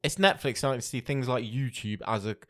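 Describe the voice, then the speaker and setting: Entertainment news items are read aloud by a male podcast co-host in an easygoing, chatty style. His voice is medium-pitched and a little fast.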